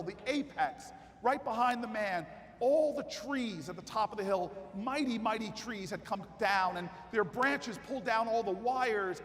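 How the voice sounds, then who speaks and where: A man giving a political convention speech, telling a story that builds to shouted rallying cries. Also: extremely high pitch. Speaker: keynote speaker. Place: large convention hall with crowd. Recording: hall reverb with crowd.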